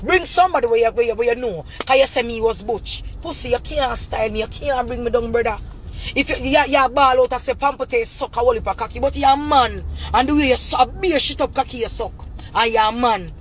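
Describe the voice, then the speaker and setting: A Jamaican woman with a high voice delivers a confrontational callout rant in thick patois, circling back on the same points again and again. She bursts into shouting now and then. A faint hum of noise runs under her. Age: adult mother. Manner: confrontational, rapid repetitive ranting in patois. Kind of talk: ranting callout video.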